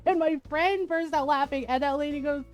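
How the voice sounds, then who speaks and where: A woman streamer chatting casually while playing a game, frank and quick to laugh, swearing freely and acting out the people in her stories. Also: high voice. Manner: frank, swears freely, laughs often, retells dialogue animatedly. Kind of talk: casual chat while gaming.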